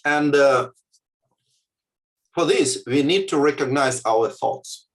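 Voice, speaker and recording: A man giving a talk on contemplative practice, speaking slowly and deliberately and often checking in with "yeah?". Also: medium pitch. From Russia or former Soviet Union. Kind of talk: lecture with guided exercise. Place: video call.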